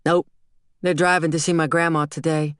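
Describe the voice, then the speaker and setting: A woman's voice: low-pitched, flat delivery, normal speed, dry recording, studio quality, natural voice. A woman voicing a shy, sheepish young male soldier in an audiobook.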